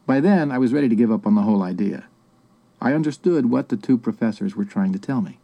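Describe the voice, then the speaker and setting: Guy reading an audiobook in first person, calm and reflective, deep dark warm tone. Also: quick pace, dull audio. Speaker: audiobook narrator.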